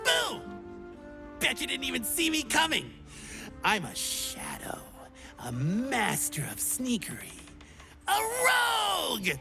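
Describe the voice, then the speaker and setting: A woman's voice: high-pitched, wildly swooping pitch, moderate pace, gravelly, long pauses, music in the background, exaggerated voice. A woman voicing a bubbly, silly young adventurer in a video game who keeps trying out new classes and talks in a playful, theatrical, teasing way.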